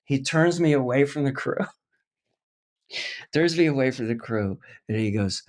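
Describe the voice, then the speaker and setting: A middle-aged actor telling a story as a guest, lively and full of restarts, acting out the voices of others. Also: male voice, mid-range voice, slow pace, pauses often. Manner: lively anecdote teller, acts out quoted voices, many restarts. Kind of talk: animated storytelling.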